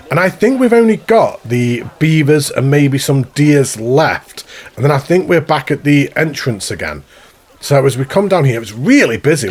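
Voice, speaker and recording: A man's voice: mid-range voice, slightly rough. A man giving chatty, rambling commentary while touring a zoo in a video game, often laughing at himself. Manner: chatty, rambling, self-mocking. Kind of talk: casual gameplay commentary. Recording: faint background music.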